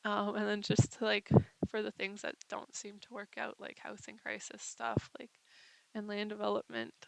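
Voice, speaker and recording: Gravelly, rambling young woman vlogger. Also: mid-range voice, completely flat delivery, moderate pace, a bit bright, poor audio. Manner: rambling and hesitant, heavy on fillers. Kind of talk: casual confessional vlog.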